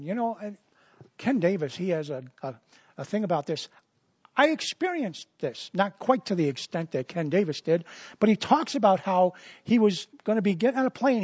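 A man's voice: high-pitched, darkish tone, no room sound, dull audio. A man preaching a sermon as a pastor, in a conversational style full of repetitions and asides.

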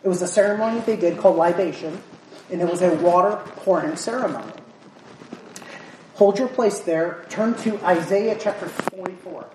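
A woman preaching a sermon and reading scripture aloud, emphatic and repetitive, at times rising almost to a shout. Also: on the low side, moderate pace, slight background noise. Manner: emphatic, repeats words, rising to near shouts. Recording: roomy echo, voice from far off.

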